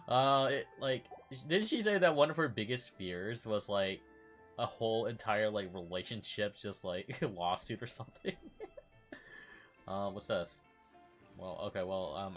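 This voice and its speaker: A man's voice: fairly low pitch, a bit bright. A man casually commenting while playing through a game event, reading dialogue aloud and gushing, with lots of ums. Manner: chatty, reads game dialogue aloud, gushes, many ums. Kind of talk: casual let's-play commentary.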